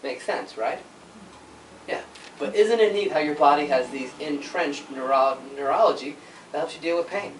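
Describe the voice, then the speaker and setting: Chiropractor lecturing in an echoey room. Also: male voice, fairly high pitch, normal speed, slight background noise. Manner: conversational, keeps checking in with "all right?" and "right?"; animated storytelling with sound effects. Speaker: chiropractor giving a workshop. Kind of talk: informal health workshop talk. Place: office room with a small audience. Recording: echoey room, mic at a distance.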